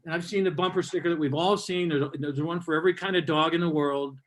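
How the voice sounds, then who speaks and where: A man's voice: a little high, fairly even intonation, quick pace, a bit bright. An older man performing a stand-up comedy set, ranting in a sardonic, mock-hostile way, recorded live at a comedy show. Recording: live comedy club with audience.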